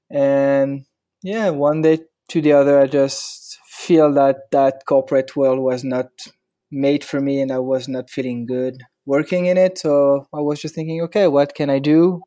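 A man's voice: mid-range voice, warm tone. A man in his thirties from France with a French accent, a wedding photographer answering interview questions in a hesitant way, searching for words. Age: 30s.

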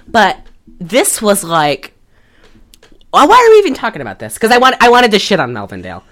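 A woman's voice: mid-range voice, huge pitch swings, a little fast, fairly bright tone. A woman co-hosting a casual podcast, telling a profane, rambling story. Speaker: podcast co-host. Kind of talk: casual chat.

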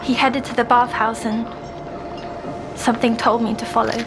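A woman's voice: fairly high pitch, level tone, natural voice. A woman playing a haunted, whispering young patient. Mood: urgent recall. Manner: hushed, often whispering, halting. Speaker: patient recounting dreams. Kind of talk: audio drama. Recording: noisy background hum.

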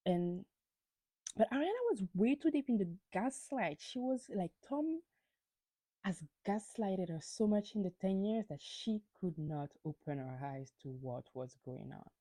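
Animated woman ranting about reality TV. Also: mid-range voice, unhurried, no echo. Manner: animated, ranting gossip with frequent swearing; stumbles and repeats words when worked up. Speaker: podcast host. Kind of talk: reality TV recap monologue.

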